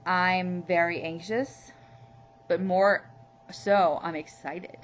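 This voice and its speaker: In a muffled, lo-fi recording carrying a faint hum, a Louisiana woman opens up in her video diary, rambling sincerely and saying "you know" often. She talks slowly in a lowish voice with fairly even intonation.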